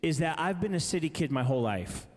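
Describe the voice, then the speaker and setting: Chatty, self-deprecating male preacher, fairly high voice, long hall reverb. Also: animated, fast talker. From Massachusetts, raised in Indianapolis. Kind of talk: conference sermon with storytelling.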